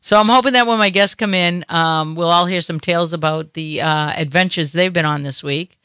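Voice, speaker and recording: Middle-aged woman host with a Boston accent, bright and smooth, chatty and jokey, dry studio sound. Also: fairly low pitch, moderate pace, dry recording. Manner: chatty, joking, rambling with fillers. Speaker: radio show host. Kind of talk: casual comedic chat.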